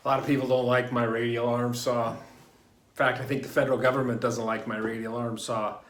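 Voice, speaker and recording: A man's voice: medium pitch, little pitch movement, brisk, a bit bright. Middle-aged man, chatty garage woodworking vlogger, loose and rambling delivery. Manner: rambling, self-correcting, chatty. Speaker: home DIY vlogger. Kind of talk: casual workshop vlog. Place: home garage workshop.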